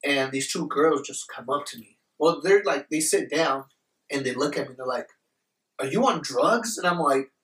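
A man's voice: medium pitch, moderate pace. Profane young man telling a story. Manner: animated, profane, acts out quoted voices. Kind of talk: casual storytelling chat. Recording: roomy, mic at a distance.

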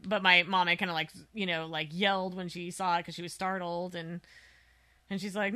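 A woman's voice: on the low side, flat delivery, a little fast, sharp tone, smooth. A woman co-hosting a podcast, chatting casually and reacting with blunt, swearing remarks. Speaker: podcast co-host. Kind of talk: casual chat.

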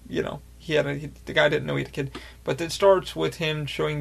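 A man hosting a podcast, telling a rambling, excitable story with lots of swearing and fillers. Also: on the high side, vocal fry. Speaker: podcast host. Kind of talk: casual storytelling.

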